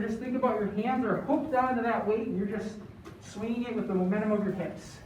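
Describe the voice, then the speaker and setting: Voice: mid-range voice, fairly even intonation, fairly quick, a little mellow, slight background noise. Fitness coach in an echoey room. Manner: encouraging, counts down between exercises. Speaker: fitness instructor. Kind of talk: instructional workout coaching. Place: large echoey room, broadcast workout. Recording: echoey room, distant dull mic.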